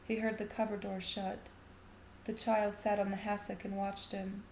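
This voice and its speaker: A woman reading a short story aloud in a steady, even narrating voice. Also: mid-range voice, moderate pace, slight background noise. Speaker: reader. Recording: echoey room.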